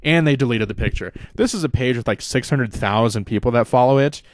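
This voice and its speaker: Young male podcast host, mid-pitched, rambling and profane, dry close sound. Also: brisk, no echo. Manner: rambling, profane, acts out quotes in a higher voice. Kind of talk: casual wrestling recap.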